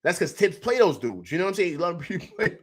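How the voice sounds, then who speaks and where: A man hosts a live sports reaction stream in a loose, chatty way. His voice sits a bit high for a man, and he repeats himself and laughs a lot. He stops now and then to read viewer comments aloud. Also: big pitch swings, fairly quick, slightly rough. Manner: reads out chat comments. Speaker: sports talk show host.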